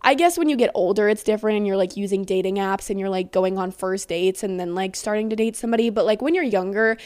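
A woman's voice: mid-range voice, fast, a little mellow, no room sound. A young woman hosting a podcast, giving blunt, sassy dating advice in a casual monologue, peppered with "like" and swearing. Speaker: podcast host.

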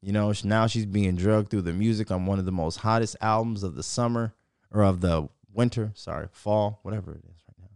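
A man's voice: fairly low pitch, brisk, darkish tone, clear, resonant tone, dry recording, studio quality. A man hosting his own solo podcast, ranting in a profane, rambling, opinionated way. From Minnesota. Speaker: podcast host. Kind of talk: casual solo podcast rant.

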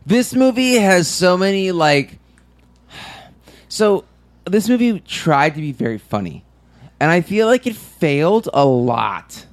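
A man's voice: high-pitched, big pitch swings, takes it slowly. A man co-hosting a movie podcast, talking hesitantly and wryly in casual chat. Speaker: podcast co-host.

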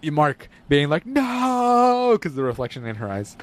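A man's voice: fairly high pitch, big pitch swings, measured pace. A young man in casual chat, ranting and mocking with profanity, acting out scenes in silly voices.

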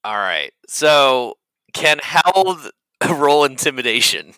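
Giggly guy playing a tabletop game, super bright voice, dry mic. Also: mid-range voice, sing-song, slow pace, clean tone, no room sound, poor audio. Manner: giggly, laughs often. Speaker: player.

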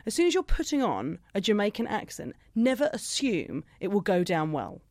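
A woman's voice: mid-range voice, very animated, moderate pace, a little mellow, dry recording, clean studio sound. A woman chatting casually as a podcast co-host, sarcastic and given to comic swearing. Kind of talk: casual chat.

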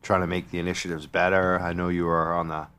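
A man's voice: deep voice, little pitch movement, fast talker, fairly bright tone, slight background noise. A man hosting a radio show, chatting in an agreeable, jokey way. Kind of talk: casual radio chat.

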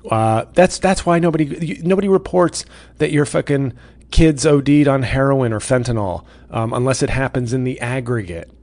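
Male podcast comic, sarcastic profane rant, gravelly mid-pitched voice. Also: moderate pace, darkish tone. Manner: sarcastic, profane, frequent restarts. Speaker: comedian podcast host.

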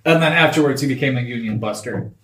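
A man playing a tabletop game, throwing out wisecracks, recorded in an echoey room with loud noise. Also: mid-range voice, fast. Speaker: player. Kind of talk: casual game-table banter.

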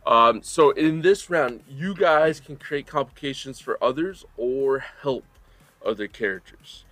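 A young man runs a tabletop game as game master. He talks in a relaxed, loose way, explaining the rules with plenty of fillers and the odd laugh. His voice sits at an ordinary middle pitch. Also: a little slow, no echo.

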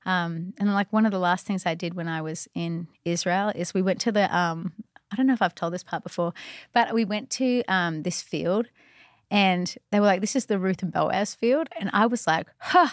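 A woman's voice: lowish voice, moderate pace, dry recording, clean studio sound. A woman telling a personal faith story in casual conversation, chatty and earnest, full of "like" and "you know". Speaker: guest.

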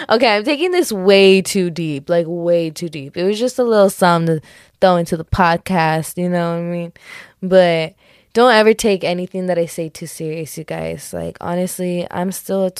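Her voice is fairly low, clean, and unhurried at a moderate pace, recorded in a clean studio with no echo. She's a young adult podcast host flying solo, rambling casually, self-correcting, giggling, and turning things into jokes with frequent "like" and "just kidding."

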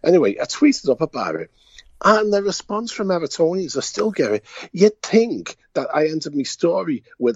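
A man's voice: a little high, big pitch swings, normal speed, husky, no room sound, lo-fi sound. A man with a Liverpool Scouse accent telling anecdotes in casual chat, blunt and chuckling as he talks. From Liverpool, England. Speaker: podcast co-host.

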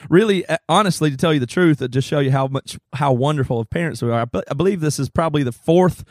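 A man's voice: fairly high pitch, quick pace, no echo, studio quality. Self-mocking, joking male co-host. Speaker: podcast co-host. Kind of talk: casual chat.

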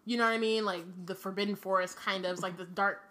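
A woman's voice: medium pitch, steady tone, fast, a crowd in the background. A woman co-hosting a casual book discussion, rambling with many fillers and restarts. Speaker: podcast co-host.

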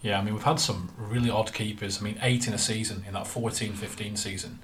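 A man's voice: fairly low pitch, fairly even intonation, brisk, fairly bright tone, slight background noise. A man co-hosting a casual football podcast, chatting and reeling off lists of names with plenty of fillers. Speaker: podcast co-host.

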